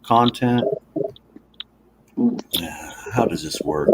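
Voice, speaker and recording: A man's voice: low-pitched, lively intonation. A man hosting a live stream, chatting casually and muttering to himself as he clicks through screens. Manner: rambling, halting, talks to himself while clicking around. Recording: noisy home stream audio.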